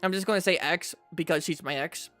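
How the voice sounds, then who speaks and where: Animated young man telling a story. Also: on the high side, fairly quick, faint music behind. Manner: animated storyteller, repeats himself, says "right?" a lot. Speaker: streamer. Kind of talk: casual storytelling to chat.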